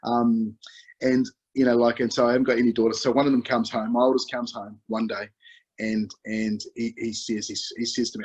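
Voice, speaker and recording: A man's voice: medium pitch, little pitch movement, brisk, a little mellow, breathy edge, rough recording. A man from New Zealand with a New Zealand accent, preaching a chatty, story-led sermon full of 'you know' fillers. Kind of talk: conversational sermon.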